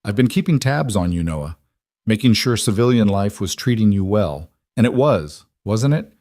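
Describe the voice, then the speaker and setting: A man voicing a female colonel, crisp, controlled and commanding, with his own fairly low voice. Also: expressive, moderate pace, warm tone, no echo, studio quality, close to an everyday voice. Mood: cool commanding. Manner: cool, clipped, controlled.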